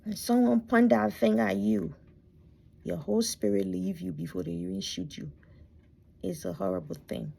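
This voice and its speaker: Middle-aged woman talking low in her bedroom, gravelly and kinda mellow, half whispering, close to crying. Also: fairly even intonation, normal speed, slight background noise. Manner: soft and reflective, often dropping to a near whisper; emotional, close to tears. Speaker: vlogger telling her life story. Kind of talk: personal storytelling.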